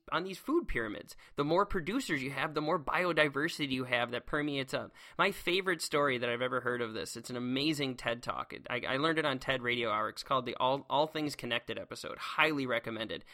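Excitable man with a bright voice. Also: medium pitch, a little fast, hardly any pauses. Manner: excitable and enthusiastic, rambling with restarts. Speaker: science teacher. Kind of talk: casual solo monologue.

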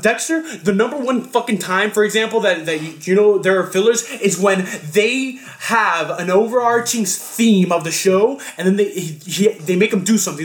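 A man's voice: sits high, a bit bright, roomy sound. A teenage man ranting on a podcast, swearing heavily. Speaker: podcast co-host. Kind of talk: casual chat.

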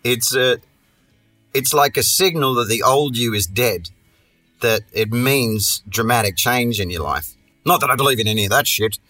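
A man's voice: mid-range voice, normal speed, sharp tone, faint music behind. A man hosting a podcast, telling a story in a casual monologue full of profane, sardonic, rambling asides. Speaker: podcast host.

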